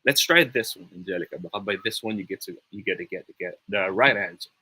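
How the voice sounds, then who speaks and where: A young Filipino man runs a lively online pronunciation class, upbeat and encouraging, sometimes slipping into Tagalog. His voice sits fairly low, yet it comes across bright and a touch husky. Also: quick pace, low-quality recording. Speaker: online tutor. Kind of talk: live online pronunciation lesson.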